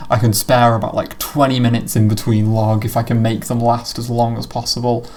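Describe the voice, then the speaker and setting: A man's voice: mid-range voice, little pitch movement, brisk, darkish tone, slight background noise. A man commenting on his own video in a casual chat, rambling and swearing freely.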